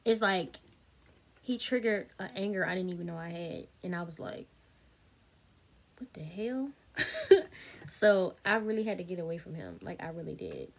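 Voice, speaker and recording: A woman's voice: lowish voice, big pitch swings, brisk, gravelly. A woman, telling a storytime vlog straight to her viewers, candid, blunt and swearing freely. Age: 30s. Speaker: vlogger.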